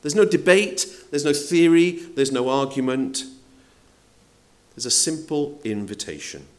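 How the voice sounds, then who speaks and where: Speaking at a measured pace, this male pastor gives an animated sermon, his voice rising and falling as he addresses the congregation. He keeps it chatty, tossing out rhetorical questions and performing the quotes he shares.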